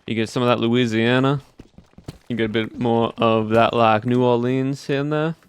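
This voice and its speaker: Streamer guy doin a put-on southern drawl, smooth voice, easygoing chatty. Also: mid-range voice, steady tone, normal speed. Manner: easygoing, chatty, thanks viewers as he plays. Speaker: game streamer. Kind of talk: casual live-stream chat while playing.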